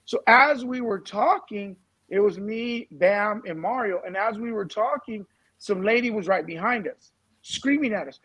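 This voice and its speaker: A man on a talk-show panel, telling a story in an animated way. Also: sits high, normal speed, lo-fi sound. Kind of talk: casual talk-show discussion.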